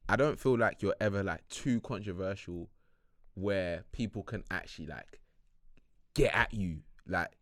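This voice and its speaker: A young man, hosting a podcast in relaxed casual chat and asking follow-up questions. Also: deep voice, measured pace, no room sound, studio quality. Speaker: podcast host.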